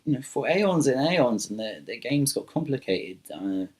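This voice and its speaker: A man's voice: medium pitch, big pitch swings, moderate pace, breathy edge. A man telling an improvised myth casually, rambling with many fillers and restarts. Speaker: storyteller. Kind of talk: improvised spoken storytelling.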